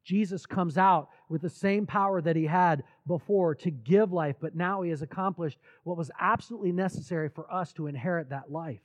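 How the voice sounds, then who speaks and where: A man preaching a sermon, retelling scripture stories earnestly with repeated words and dramatic pauses. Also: on the high side. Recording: dull lo-fi recording.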